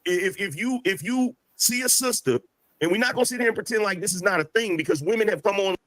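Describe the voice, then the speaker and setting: A man's voice: sits high, fast, fairly bright tone, dry recording. A man arguing his point in a casual panel debate, stumbling over restarts. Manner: argumentative, stammering restarts.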